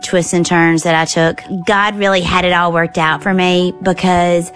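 A middle-aged woman from the American South, telling a personal story in a lively, animated way. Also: fairly low pitch, moderate pace, soft background music. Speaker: storyteller guest.

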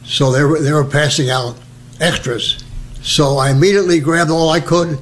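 Older guy from jersey spinning war stories, lively, does the voices, slightly high voice. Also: normal speed, slight background noise. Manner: lively storyteller, acts out voices and laughs. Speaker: veteran recounting memories. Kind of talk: oral history storytelling.

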